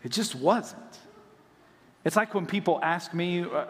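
A man from North Carolina, preaching a sermon as pastor and acting out voices in animated storytelling. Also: fairly high pitch, moderate pace. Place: church auditorium. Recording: long reverb of a large hall.

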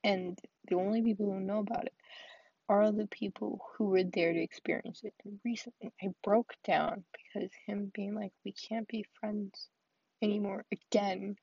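A woman's voice: medium pitch, fairly even intonation, normal speed, gravelly, warm tone, breathy edge, no echo, highs cut off. A young woman venting in a solo vlog, rambling with lots of fillers and often dropping to a whisper. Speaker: vlogger. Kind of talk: solo confessional vent.

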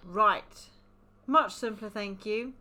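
Bright-voiced woman co-hosting a podcast. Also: mid-range voice, slow pace. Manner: teasing, laughs often. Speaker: podcast co-host. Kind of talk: casual chat.

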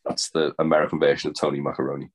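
Low-pitched male podcaster, deadpan ribbing, swears casually. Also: rapid-fire. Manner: dry teasing humour, casual swearing. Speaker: podcast co-host. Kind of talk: casual banter.

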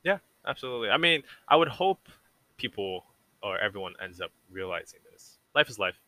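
A young podcast guest with a lowish, sharp voice talks briskly, his pitch swinging widely, with no echo. He rambles and reflects in casual conversation, saying "like" a lot.

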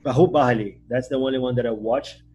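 Relaxed man hosting. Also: mid-range voice, fairly quick, soft background music. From Brazil. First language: Portuguese. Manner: relaxed, uses many "uh" fillers. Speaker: podcast host. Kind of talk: casual chat.

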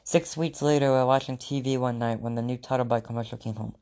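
A man's voice: mid-range voice, fairly even intonation, fast, darkish tone. Man reading a children's book aloud. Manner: plain read-aloud with small restarts. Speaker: teacher reading aloud to a class.

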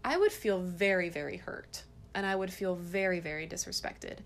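Lower-voiced, earnest mother hosting a podcast. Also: normal speed, gravelly. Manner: earnest, gentle storytelling. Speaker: podcast host, parent. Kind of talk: casual parenting podcast talk.

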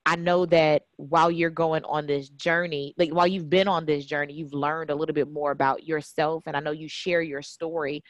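A woman hosting a podcast interview, relaxed and chatty, with casual slang. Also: low voice, moderate pace, few pauses, no echo. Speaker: podcast host.

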